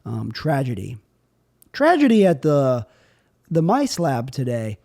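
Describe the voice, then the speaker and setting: A man's voice: takes it slowly, vocal fry. A young man hosting a solo podcast, riffing on absurd bits in a rambling, offhand way. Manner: absurd deadpan riffing, drifting in pitch and loudness. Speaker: podcast host.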